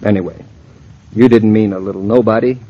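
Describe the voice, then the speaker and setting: A man's voice: fairly low pitch, fairly even intonation, brisk, lightly acted. An actor playing a newlywed husband, bantering playfully with his wife in vintage film dialogue, on dull lo-fi audio.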